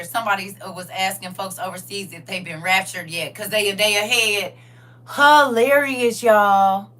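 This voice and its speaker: Bright, lively woman livestreaming. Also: medium pitch, moderate pace, distant mic. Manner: animated, laughing, talks back to chat with slang. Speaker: livestream host. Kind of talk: casual livestream chat reading viewer comments.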